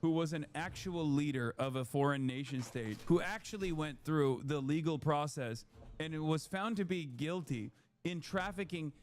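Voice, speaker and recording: A man's voice: a little high, normal speed. A man hosting a live stream, giving sarcastic, rambling political commentary full of "like" and asides.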